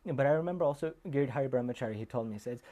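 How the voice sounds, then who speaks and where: A man's voice: mid-range voice, rapid-fire, dark tone. A man, a monk, giving an informal sermon full of personal stories, talking in a heartfelt way that wanders off on tangents. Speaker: monk giving a remembrance talk. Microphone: camera recording.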